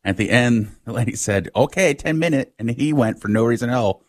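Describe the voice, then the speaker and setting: A man's voice: mid-range voice, fairly even intonation, fairly quick, no echo, clean studio sound. A man telling a story in a casual chat, laughing and acting out quotes.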